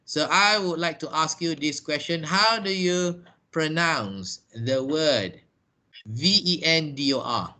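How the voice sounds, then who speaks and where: A man's voice: fairly high pitch, takes it slowly, sharp tone. A man teaching an online lesson over a video call, spelling words out letter by letter and drilling pronunciation. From Malaysia. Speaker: English teacher.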